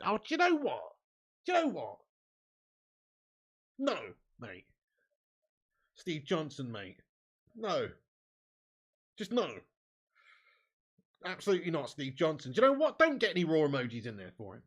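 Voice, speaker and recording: A man hosting a live football watch-along, excitable and sweary, swinging from low grumbling to loud shouting. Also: a little slow, long pauses, breathy edge. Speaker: fan watch-along host.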